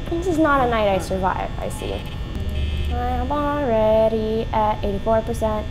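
A young woman with a slightly high voice gives slow, drawn-out commentary while playing a horror game, muttering and cursing at the characters on screen. Game music plays clearly underneath her voice. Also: very animated, low-quality recording. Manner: frustrated, swearing, talking to game characters. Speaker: gaming YouTuber. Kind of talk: let's play commentary. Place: home room with a cat nearby.

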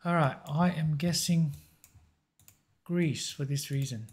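A man hosting a map-guessing game video, thinking aloud in a halting, musing way with short chuckles. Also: a little high, husky.

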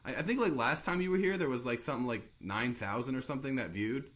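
A young man hosting a live webcast interview, talking in quick, crude, mocking banter. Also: mid-range voice, a bit bright. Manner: joking, rapid, crude and mocking.

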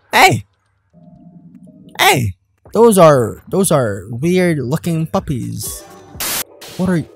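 A man hosting a let's play, commenting in an excitable, joking way with loud outbursts. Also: fairly high pitch, slow, gravelly, pauses often, breathy edge. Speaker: gamer, channel host.

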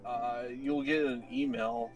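A man's voice: mid-range voice, steady tone, slow pace, faint music behind, rough recording. A man giving casual gaming commentary with dry, joking banter as a let's play co-host.

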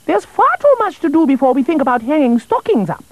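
A man voicing a flustered, fretful storybook queen in a high, drawn-out falsetto. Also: very animated, no room sound, highs cut off, exaggerated voice.

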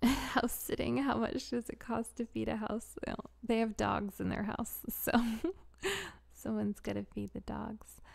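Young woman, gravelly fry, giggly, rambling, soft whispered asides, casual livestream chat. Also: mid-range voice. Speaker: audio creator hosting a live Q&A.

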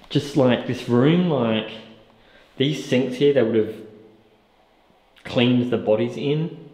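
Male paranormal vlogger, jittery and casual, mid-pitched, echoey room. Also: a little mellow. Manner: jittery, easily spooked. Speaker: paranormal investigator. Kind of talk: casual vlog narration. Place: old hospital basement.

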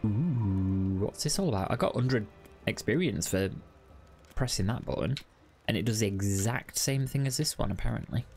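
A man's voice: on the low side, expressive, normal speed, creaky, a little mellow, soft background music. A man giving casual, wry let's-play commentary and chatting to the game. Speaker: gaming video host.

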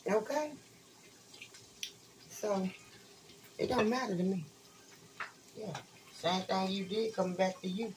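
Woman, mid-pitched, rambling and foul-mouthed, kitchen vlog with faint frying sizzle. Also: background noise. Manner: profane, blunt, chatty, addresses viewers as y'all. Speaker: online spiritual reader. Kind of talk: casual rambling talk to viewers. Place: home kitchen while frying food.

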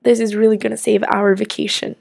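A woman voicing a cheerful, eager family dad in a toy-play story, sounding a little lower than her own voice. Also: level tone, fairly quick, creaky, darkish tone. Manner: eager and upbeat.

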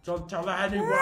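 A woman giving playful game commentary in broken English, squealing and meowing between lines. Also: mid-range voice. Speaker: gameplay video host. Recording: echoey room with loud game music. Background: loud game music.

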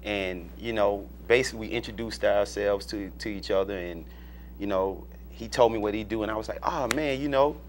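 A man's voice: lowish voice, normal speed, a little hiss or hum. A man from Alabama, a director telling stories in a casual interview, full of fillers and restarts. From Alabama, US South. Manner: rambling storyteller, many fillers and restarts. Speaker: film director and producer, guest.

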